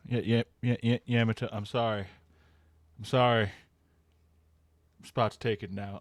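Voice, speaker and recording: A man's voice: medium pitch, fairly even intonation, normal speed, long pauses, no room sound, studio quality. A man streaming live, reading panels aloud and reacting in loose, profane, casual commentary.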